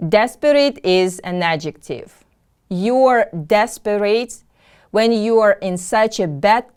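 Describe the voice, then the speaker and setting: A woman's voice: mid-range voice, darkish tone, smooth. A woman teaching an English lesson, patiently drilling vocabulary and repeating each word twice. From Kyrgyzstan. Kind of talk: slow, clearly enunciated classroom lesson.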